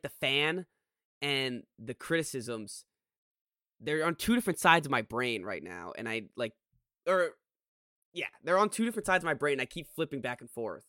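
A man's voice: on the high side, pushed and bright, dry recording, clean studio sound. A man co-hosting a casual sports podcast, rambling and venting his frustration with lots of restarts and sighs. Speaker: podcast co-host.

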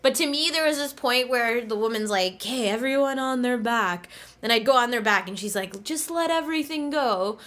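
A woman's voice: on the high side, moderate pace, a bit bright. A woman co-hosting a podcast from home, telling a story in casual chat, acting out quotes and laughing often. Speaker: podcast co-host.

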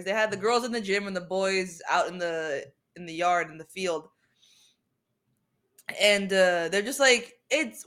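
A woman's voice: mid-range voice, fairly bright tone. A young woman co-hosting a podcast, telling playful self-deprecating stories in casual chat. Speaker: podcast co-host.

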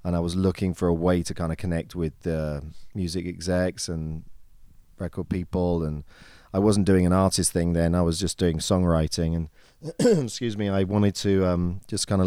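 A friendly British man with a very deep, smooth voice. He talks in an easygoing way in a casual interview, his sentences often trailing off quietly. The sound is close and dry. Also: dry recording. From England. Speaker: songwriter and producer guest.

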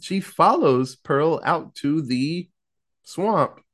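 A man's voice: a little high, very slow. A man casually recapping a horror film in a podcast chat, acting out the characters' lines with laughs and profanity. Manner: animated storytelling, acting out quotes, laughing, profane.

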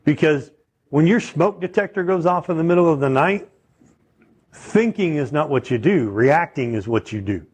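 A man's voice: on the high side, lively intonation, moderate pace, a little mellow, husky. A man preaching a sermon in a conversational teaching manner, often checking in with his listeners. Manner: conversational teaching, asks the audience questions.

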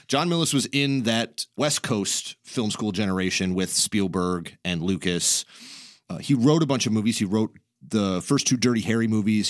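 A man's voice: fairly low pitch, dry recording, studio quality. A man hosting a podcast in casual chat, rambling through stories, laughing often and swearing casually. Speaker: podcast host.

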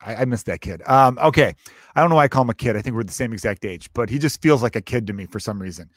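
Fast-talking man hosting a podcast. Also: medium pitch, expressive, no echo, clean studio sound. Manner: quick, chummy, laughs easily. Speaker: podcast host. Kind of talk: casual podcast chat.

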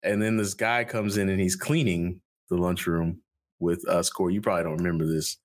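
A man's voice: low voice, fairly even intonation, a little fast. A man hosting a podcast in casual chat, telling stories animatedly, swearing and laughing often. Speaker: podcast host.

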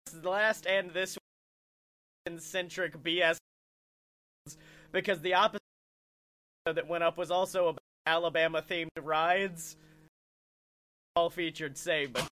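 A man hosting a casual wrestling podcast, excitable and quick to laugh, who slips into goofy put-on voices. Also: on the high side, no room sound.

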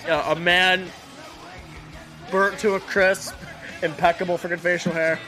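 A man co-hosting a podcast in casual watch-along chat, excitable and repeating himself. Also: sits high, a little slow, soft background music. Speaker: podcast co-host.

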